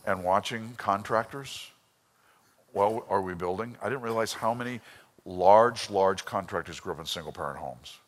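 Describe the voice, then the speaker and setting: A man preaching a sermon, telling a personal story with emotion and swinging between loud bursts and hushed lines. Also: fairly low pitch, normal speed, big-room sound. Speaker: pastor.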